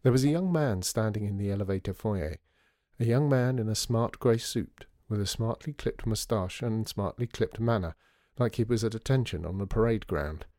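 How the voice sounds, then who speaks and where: A man narrating a storybook in a measured, gently wry way. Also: lowish voice, no echo, clean studio sound. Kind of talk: storybook reading.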